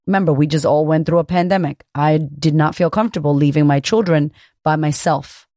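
A woman, a confidence coach hosting her own podcast, talking solo in a high-energy, chatty way and swearing casually. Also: brisk, mellow, no echo, clean studio sound.

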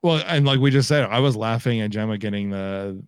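A man's voice: fairly low pitch, brisk, clean tone, dry recording, studio quality. A man co-hosting a casual film podcast from home, talking with easygoing enthusiasm and agreeing with his co-host. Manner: enthusiastic, agreeable, laughs along. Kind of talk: casual movie-discussion chat. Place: home, recording remotely.

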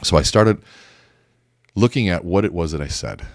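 Male communication coach with a very low voice and a dry, close sound, who teaches through animated stories. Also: normal speed, no echo. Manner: lively storytelling, acts out both sides of conversations. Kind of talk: teaching talk with acted-out examples.

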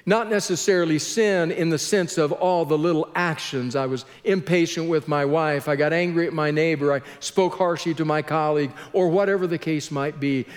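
A man preaching a sermon as pastor, slow and earnest, with heavy pauses between phrases. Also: a little high, big-room sound.

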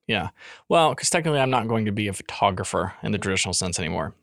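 A man's voice: fairly low pitch, lively intonation, rapid-fire, creaky, a bit bright, dry recording, clean studio sound. A young man co-hosting a podcast, chatting casually and joking around. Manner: joking, teasing. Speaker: podcast co-host. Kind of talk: casual chat.

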